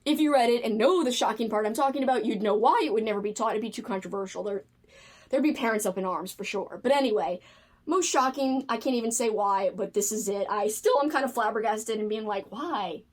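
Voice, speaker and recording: Casual book vlogger, woman, higher voice, animated and gushing. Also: quick pace. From United States. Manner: animated, gushing, frequent fillers. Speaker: book video creator. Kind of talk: casual chat.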